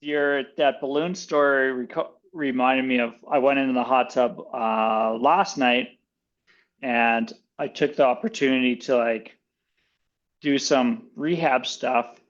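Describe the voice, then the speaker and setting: Guy calling in, slow and halting, kinda muffled lo-fi sound. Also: mid-range voice, fairly even intonation. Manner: halting, many fillers, slow and unhurried. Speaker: guest. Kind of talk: casual chat.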